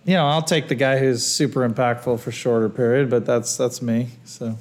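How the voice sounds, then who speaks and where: A man's voice: medium pitch, steady tone, normal speed. A man co-hosting a podcast, talking things through in a thoughtful, hedging, curious way. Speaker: podcast co-host. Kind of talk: casual chat.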